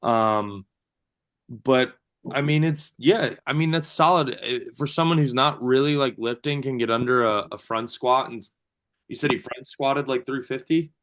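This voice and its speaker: A man's voice: medium pitch, normal speed, a bit bright. Male coach, casual and chatty, lots of fillers, heard over a video call. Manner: loose and chatty, many fillers and restarts. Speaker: strength coach.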